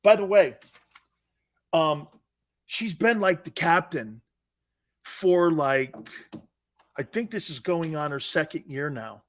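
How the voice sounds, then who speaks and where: Middle-aged man, sports talk host, high voice, animated self-mocking stories. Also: slow pace, long pauses. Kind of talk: casual sports talk show.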